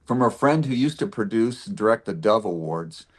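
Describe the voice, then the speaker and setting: A man telling stories from his life in a casual interview, animated and full of restarts. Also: fairly low pitch, moderate pace. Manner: animated storyteller, frequent restarts and laughs. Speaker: podcast guest, pastor and actor.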